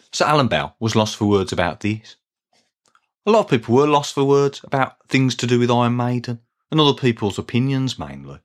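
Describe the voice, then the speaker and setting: A man with a Birmingham accent hosting a podcast, talking in a dry, deadpan way in a scripted monologue. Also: mid-range voice. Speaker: podcast host.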